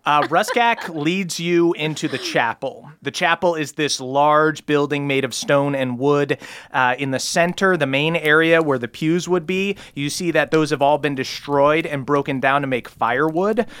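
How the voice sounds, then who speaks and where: Smooth-voiced man running a tabletop game. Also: fairly high pitch, measured pace, dry recording. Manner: relaxed descriptive narration. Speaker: game master.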